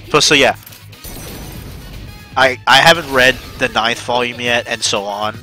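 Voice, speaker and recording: A man streaming a game who chats casually and excitedly, swears often, and jumps into high-pitched shouts when he acts out his own reactions. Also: a little slow, faint music behind. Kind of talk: casual chat while gaming.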